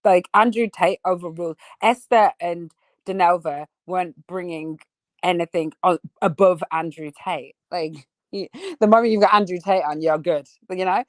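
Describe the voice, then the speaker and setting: A woman's voice: lowish voice, normal speed, dry recording. A woman chatting on a podcast panel, gossipy with laughing asides. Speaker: panel guest. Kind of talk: casual reaction chat.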